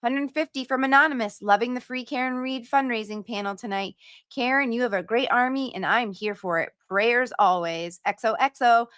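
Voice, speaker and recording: Bright-voiced woman reading donations. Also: fairly high pitch, normal speed, smooth, dry recording, clean studio sound. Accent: put-on accent at times. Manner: reads donor messages aloud, chatty and playful. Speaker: livestream host reading donations. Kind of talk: casual livestream chat.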